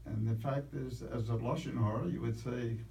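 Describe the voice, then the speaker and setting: A man's voice: medium pitch, fairly even intonation, moderate pace, creaky, warm tone, slight background noise. A man in the audience asks a question, musing and searching for his words. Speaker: audience member asking a question. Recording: distant voice in an echoey room.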